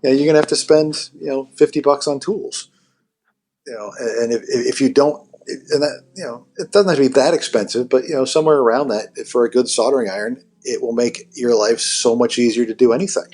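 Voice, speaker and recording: Male podcast guest, amp builder, talks loosely, filler-heavy, mid-pitched voice. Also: a little fast, a little mellow, breathy edge. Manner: rambling, many fillers like "you know". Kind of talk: casual technical podcast chat.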